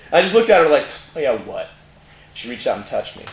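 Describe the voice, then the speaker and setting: A man's voice: a little high, very animated, rapid-fire, vocal fry. A middle-aged Californian man, a tattoo parlor owner, candidly telling his life story in an interview with many fillers. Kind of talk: personal testimony in conversation. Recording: echoey room, faint noise.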